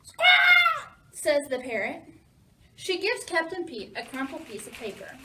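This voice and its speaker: A woman reads a picture book aloud to children as a playful pirate, animatedly asking them questions along the way. Her voice is high and her speed normal, but she's recorded from a distance on a rough recording.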